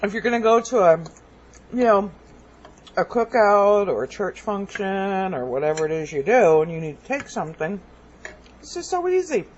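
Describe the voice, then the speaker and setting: A woman's voice: mid-range voice, very animated, normal speed. A woman chatting casually through a home cooking demonstration, homey and full of ums. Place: home kitchen. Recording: dull lo-fi home video with faint background hum.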